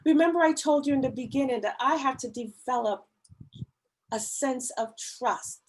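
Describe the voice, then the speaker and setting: A woman with a high voice addresses a church women's ministry gathering over an online meeting, talking about mental health. Slow, earnest and emphatic, she urges listeners to hear those in need; the recording is low quality.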